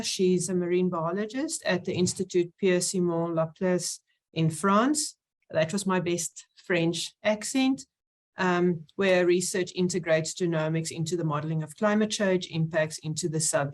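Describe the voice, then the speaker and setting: A woman chairing an online science symposium, introducing speakers with many pauses and fillers. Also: lowish voice. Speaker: session chair.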